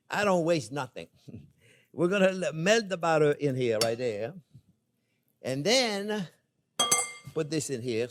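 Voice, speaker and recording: A man's voice: fairly high pitch, slight background noise. An older man hosting a cooking show, chatting playfully with viewers as he cooks. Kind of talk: casual cooking demonstration.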